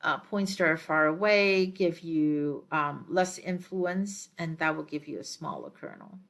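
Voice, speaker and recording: A woman lecturer explaining her slides in a measured way, with frequent ums and uhs as she works through each step. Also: sits low, vocal fry, a bit bright.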